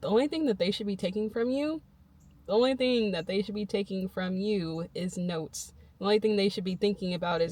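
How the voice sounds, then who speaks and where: A woman's voice: medium pitch, fairly quick, dark tone. Emphatic young woman vlogger. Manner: emphatic, repetitive, laughs often. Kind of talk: motivational self-talk to camera.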